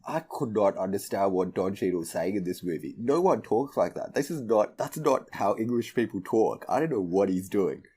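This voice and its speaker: A man's voice: fairly low pitch, lively intonation, normal speed, hardly any pauses, dark tone, husky. A man co-hosting a podcast, laid-back, swearing casually and laughing often. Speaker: podcast co-host. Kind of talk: casual chat.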